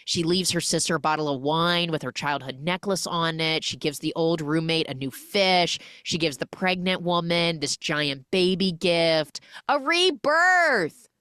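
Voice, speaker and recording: Woman podcast host doing a jokey movie recap, says like a lot, lowish voice, dead dry sound. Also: normal speed, hardly any pauses, clean tone, no room sound. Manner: animated, jokey, lots of 'like'. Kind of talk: animated film recap.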